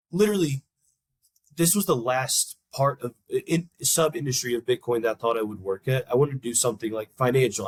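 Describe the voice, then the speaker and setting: A man's voice: mid-range voice, dry recording. A young adult man, a podcast guest, telling a long personal story in a loose, rambling way and acting out the people in it with a raised voice. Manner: animated storyteller, acts out quoted people in a raised voice; loose, rambling talk with many restarts. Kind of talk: casual storytelling interview.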